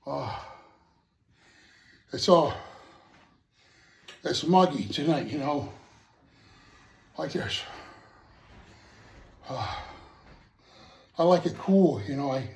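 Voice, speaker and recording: A man's voice: a little high, expressive, extremely slow, creaky, long pauses. A man chatting casually to his viewers from a cluttered basement, rambling and puffing, winded as he moves things around. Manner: rambling, loose, with many fillers and puffing sighs. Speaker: hobby vlogger. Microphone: distant from the mic, moving around the room. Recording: echoey basement from a distance, faint noise.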